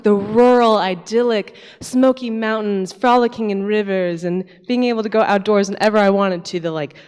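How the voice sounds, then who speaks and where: A young woman from East Tennessee telling a candid, emotional personal story to a church audience, chatty and full of fillers. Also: mid-range voice. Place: church sanctuary. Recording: long hall reverb.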